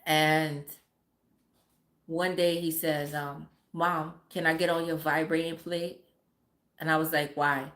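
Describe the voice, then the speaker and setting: A woman's voice: deep voice, flat delivery, takes it slowly, pauses often, fairly bright tone. A mother from a Caribbean family chatting casually on a livestream, blunt and profane and laughing often. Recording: roomy echo.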